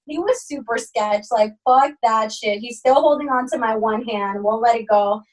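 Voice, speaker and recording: A young woman co-hosting a podcast, telling a story in casual chat, animated and swearing, acting out quotes with big jumps in pitch. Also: moderate pace, distant mic, low-quality recording. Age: young adult. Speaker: podcast co-host.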